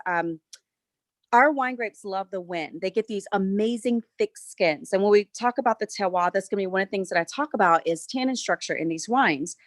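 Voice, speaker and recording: A woman from South Carolina with a Southern accent, a winery owner chatting through a virtual tour with relaxed, friendly storytelling. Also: medium pitch, no echo. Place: winery tasting room.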